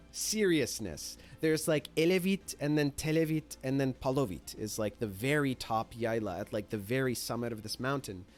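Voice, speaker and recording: A man casually telling a story, animated and profane, filling his talk with "like". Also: on the high side. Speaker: streamer.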